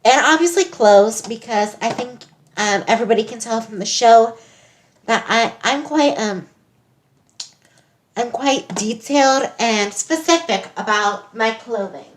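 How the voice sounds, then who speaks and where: A woman voicing a young reality-show winner who is fussy about her clothes, using a put-on South African accent and speaking earnestly with many pauses and ums. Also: on the high side, lively intonation. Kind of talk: role-play interview. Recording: roomy, distant from the mic.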